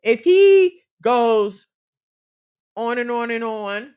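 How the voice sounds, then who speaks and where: A woman's voice: on the high side, slow pace, darkish tone, clean tone. A woman co-hosting a casual chat, giving earnest, faith-based relationship advice and repeating phrases for emphasis.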